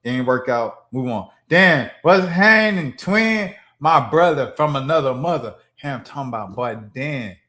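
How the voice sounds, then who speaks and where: Laid-back young male streamer. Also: mid-range voice. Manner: laid-back, slangy, chatty. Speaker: streamer host. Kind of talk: casual livestream commentary.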